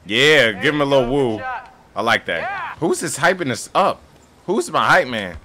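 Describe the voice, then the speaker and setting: A young man gaming on camera and commentating his soccer match, joking, trash-talking the players and breaking into sudden yelling outbursts. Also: mid-range voice, very animated, normal speed, crowd noise. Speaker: gaming YouTuber. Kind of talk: playing a soccer game and commentating.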